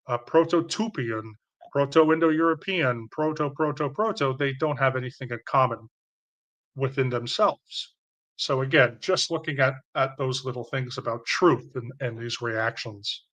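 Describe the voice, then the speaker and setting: Canadian male host, bright clear tone, loose live-stream lecture full of ums and restarts. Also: medium pitch. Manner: rambling and explanatory, with many fillers and restarts.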